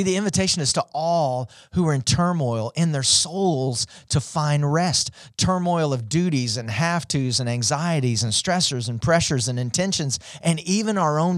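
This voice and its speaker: A man preaching a sermon, impassioned and speaking straight to online viewers, rising to high, urgent peaks. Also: dry recording, clean studio sound. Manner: addresses online viewers directly. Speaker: pastor.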